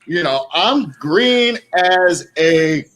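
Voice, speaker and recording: A middle-aged man co-hosting a podcast, telling stories in an animated way and acting out what people said. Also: high-pitched, extremely slow, a little hiss or hum. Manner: animated storyteller who acts out dialogue. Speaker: podcast co-host and wrestler. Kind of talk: casual podcast storytelling.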